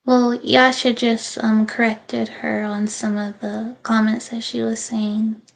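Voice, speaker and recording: Woman co-host, halting and unsure, gravelly, flat delivery. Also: a little high, rough recording. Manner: hesitant, halting.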